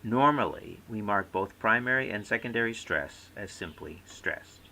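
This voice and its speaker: Gravelly, lively-voiced male lecturer. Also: fairly low pitch, normal speed, slight background noise, poor audio. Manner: reads aloud, demonstrating word stress by example. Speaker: course instructor. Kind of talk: scripted recorded lecture.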